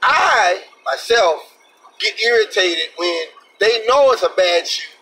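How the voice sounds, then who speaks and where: A man with a high, bright voice, speaking in an emphatic, indignant vlog rant that is sprinkled with swearing. He sounds distant from the mic, and faint noise runs underneath. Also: lively intonation, takes it slowly. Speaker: vlogger, truck driver.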